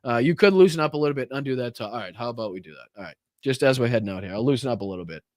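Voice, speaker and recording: A man's voice: mid-range voice, animated, racing, no room sound, clean studio sound. A man hosting a political livestream, talking casually with a Boston accent, heated and repetitive, with lots of fillers and restarts. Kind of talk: casual livestream commentary and viewer shout-outs.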